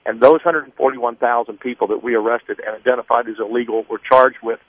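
A man in his sixties phones in as a candidate, slightly out of breath, pushing numbers and points at a steady, insistent clip. The line is narrow and tinny like a mobile phone, with no room sound around it. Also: mid-range voice, no room sound. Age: 60s. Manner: brisk, number-heavy, insistent. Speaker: political candidate, phone-in guest. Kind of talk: campaign talk on a radio call-in. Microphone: mobile phone while walking.

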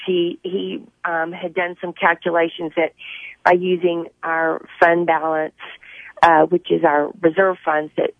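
Hoarse woman, district spokesperson, measured phone interview, thin dry line. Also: lowish voice, no room sound, narrow, tinny audio. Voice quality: scratchy. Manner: measured, careful, with many fillers. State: hoarse from a cold. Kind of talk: phone interview on morning radio. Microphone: telephone.

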